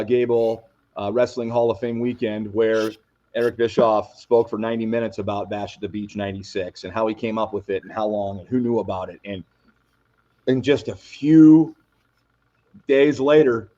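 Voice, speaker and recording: A man's voice: fairly low pitch, mellow. A man hosting a podcast in casual chat, musing aloud in a reflective way. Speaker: host. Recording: dull lo-fi audio.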